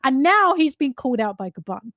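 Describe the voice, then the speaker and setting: A woman's voice: high-pitched, sing-song, a little fast, fairly bright tone, no echo, studio quality. A woman co-hosting a casual fan chat, talking animatedly and emphatically with frequent laughs. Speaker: podcast co-host.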